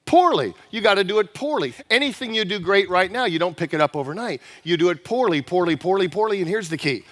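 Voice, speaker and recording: A man giving a high-energy keynote speech to a live audience, punchy and repetitive, often firing questions at the crowd. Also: animated, quick pace, a bit bright. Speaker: motivational speaker. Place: large conference room with an audience. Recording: reverberant conference hall.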